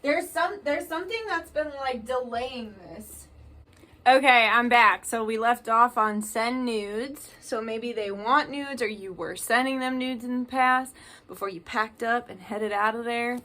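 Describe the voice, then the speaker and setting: A woman's voice: on the high side, measured pace, sharp tone. A woman giving a casual tarot card reading, chatty and reading card messages aloud with emphasis.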